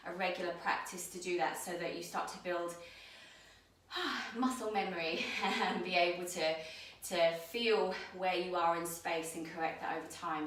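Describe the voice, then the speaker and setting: A woman teaching a yoga handstand class, giving calm step-by-step cues while she demonstrates, somewhat out of breath. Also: fairly low pitch, a little hiss or hum. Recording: very echoey room, mic at a distance.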